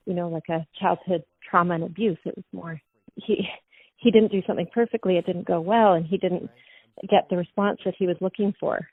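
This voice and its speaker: A woman calmly analyzing an interview, thoughtful and measured, using psychological terms. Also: on the low side, no room sound. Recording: dry, tinny phone-like sound.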